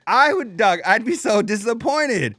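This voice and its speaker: A laid-back man chatting casually on a podcast, full of slang and easy laughter. His voice sits a little high, and the sound is dry and close with no room around it. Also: animated, unhurried, bright, forceful tone, no room sound. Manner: slangy, laid-back, says "dog" often, laughs a lot. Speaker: podcast co-host.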